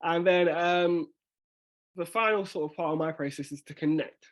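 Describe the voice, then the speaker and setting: A man's voice: on the high side, steady tone, moderate pace. A man, a spoken word poet, casually teaching a workshop and thinking aloud as he reads out and reworks his own lines.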